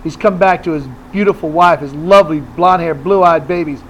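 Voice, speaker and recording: A man's voice: a little high, fairly quick, a little hiss or hum, rough recording. A man hosting a radio show, telling long jokes with relish in casual banter. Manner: tells long jokes with relish, acting out lines.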